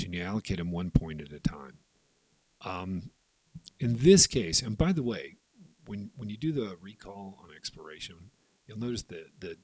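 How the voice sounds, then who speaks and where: A man with a low, slightly husky voice explains a tabletop game turn by turn. He keeps it conversational and now and then voices the players' choices in quick asides. The sound is close and dry. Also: dry recording, low-quality recording. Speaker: board game teacher. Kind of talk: tabletop game rules walkthrough.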